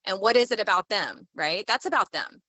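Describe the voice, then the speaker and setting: A woman's voice: mid-range voice, expressive, brisk, pushed and bright, no echo. A woman hosting a live stream as a leadership coach, talking in a bubbly, enthusiastic, playful way. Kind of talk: casual motivational live talk.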